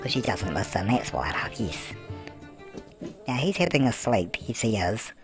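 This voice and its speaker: Speaking at a normal speed in a lowish, very animated voice, a man takes on the persona of a cheeky, chatty elderly grandmother. His comedic commentary on a life-sim game, set to background music, is full of "love" and self-answered questions.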